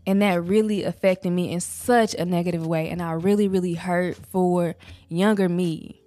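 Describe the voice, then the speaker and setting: A woman's voice: fairly low pitch, fairly even intonation, normal speed, dark tone, dry recording, soft background music. A young woman and mother talking candidly and emotionally in a personal vlog, casual and conversational. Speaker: vlogger, mother.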